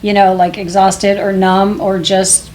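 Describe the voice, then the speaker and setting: A woman's voice: mid-range voice, level tone, measured pace, a little mellow, reverberant, recorded from a distance, a little hiss or hum, poor audio. A woman co-hosting a podcast in casual chat, rambling and hesitant with many fillers. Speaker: podcast co-host.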